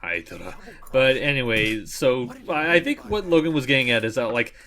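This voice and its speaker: A man's voice: mid-range voice, animated, sharp tone. A man chatting on a game commentary, hesitant, restarting his sentences and trailing off. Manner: halting, restarts and trails off with fillers. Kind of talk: casual game commentary chat.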